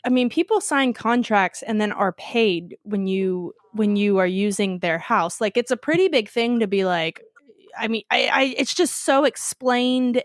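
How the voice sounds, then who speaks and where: A woman's voice: medium pitch, no echo, studio quality. A woman hosting an interview and asking long, curious questions. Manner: curious, asks questions at length. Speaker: podcast host.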